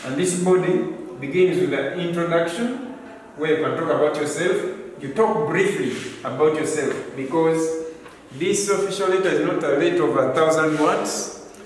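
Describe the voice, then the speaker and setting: A man's voice: on the high side, moderate pace. A man teaching a class, stressing and repeating key points, recorded from a distance. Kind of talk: classroom lesson. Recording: echoey room from far off.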